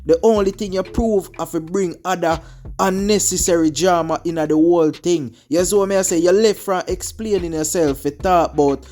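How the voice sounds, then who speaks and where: A man's voice: sits high, moderate pace, mellow. A man with a Jamaican accent hosting a commentary channel, talking straight to his viewers and keeps calling them "my people". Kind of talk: casual commentary.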